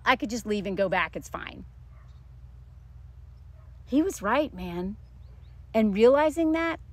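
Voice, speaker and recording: Woman vlogger, 30s, slightly high voice, candid rambling storytime delivery. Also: fairly bright tone, no room sound. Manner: rambling, emotional, many restarts and fillers. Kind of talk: casual storytime monologue.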